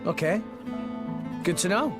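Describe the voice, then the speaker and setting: An earnest young salvager, hesitant and wary, his high voice swinging widely in pitch. Game music plays clearly under him. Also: expressive, unhurried.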